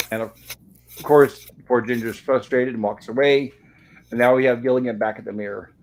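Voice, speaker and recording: A man speaking at medium pitch with a darkish tone hosts a casual web show, where he chats through an old sitcom episode and reads the characters' lines aloud like a storyteller. Audio quality is poor.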